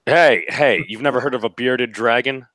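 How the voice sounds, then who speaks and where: A man's voice: mid-range voice, moderate pace, no echo, studio quality. A man rambling animatedly as a panelist on an online video call. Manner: rambling, animated, says frickin'. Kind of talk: casual banter in an online hangout.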